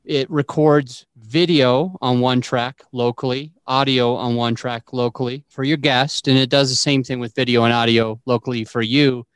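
A man's voice: mid-range voice, fairly even intonation, normal speed, hardly any pauses, clean tone, dry recording. A man hosting a podcast over a remote call, chatting casually and laughing often as he explains recording gear. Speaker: podcast host. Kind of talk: casual chat.

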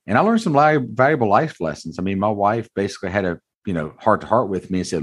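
Man, 40s, dealership owner. Deep, husky, candid storyteller. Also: big pitch swings, fast talker, few pauses. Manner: earnest, blunt, folksy, calls host brother. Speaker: car dealership owner, interview guest.

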